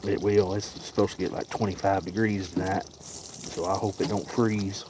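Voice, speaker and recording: A man hosting a cat sanctuary livestream outdoors, chatting in a folksy, easygoing way and talking softly to his cats. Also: low voice, steady tone, moderate pace, background noise. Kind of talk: casual livestream chat. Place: outdoors by a cooking fire.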